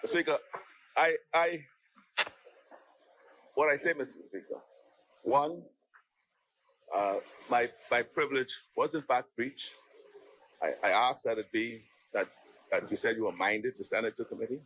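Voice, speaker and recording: A man's voice: mid-range voice, unhurried, long pauses, fairly bright tone, rough recording. A man with a Bahamian accent, speaking as a member of parliament in a debate, argumentative and often restarting and repeating his words. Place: legislative chamber.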